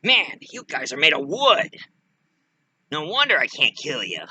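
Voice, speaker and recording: A man's voice: a little high, wildly swooping pitch, unhurried, bright, forceful tone, husky, no echo, full character voice, rough recording. A man voicing a wisecracking, foul-mouthed male killer doll in a one-man fan voice play, taunting and yelping. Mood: exasperated. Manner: taunting, snarky, yelps in pain.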